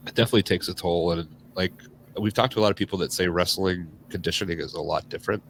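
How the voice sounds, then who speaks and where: A man's voice: deep voice, steady tone, fast talker, a bit bright, slight background noise. A man hosting a podcast interview in casual chat, loose and full of "like" fillers. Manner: loose, filler-heavy, frequent "like". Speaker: podcast host.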